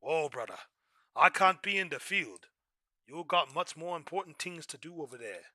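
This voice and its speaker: A young man chatting casually while he plays a game on stream, loud in his reactions and often clearing his throat. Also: fairly high pitch, expressive, moderate pace, no room sound, studio quality. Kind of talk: casual gameplay commentary.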